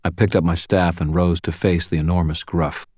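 A man narrates a first-person audiobook with a dry, sardonic edge. His voice is very deep and the recording is close and dry, without room sound. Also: steady tone, moderate pace, a little mellow, no room sound. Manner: sardonic, wisecracking in dialogue.

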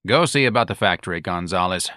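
A bored company owner, as a male reader plays him, brushing things off in a flat, unbothered way and close to the narrator's own voice. The sound is close and dry. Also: low-pitched, quick pace, no room sound. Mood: weary. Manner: bored, dismissive.

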